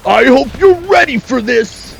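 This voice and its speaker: Brash albatross bruiser, loud and high, stretched taunts, a man voicing him. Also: expressive, unhurried, creaky, soft background music, heavily acted. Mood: taunting.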